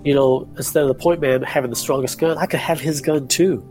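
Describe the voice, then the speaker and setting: A man's voice: medium pitch, fairly even intonation, fairly quick, a little mellow, faint music behind. A man from Texas, a podcast guest giving laid-back gaming advice. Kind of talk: casual gaming podcast chat.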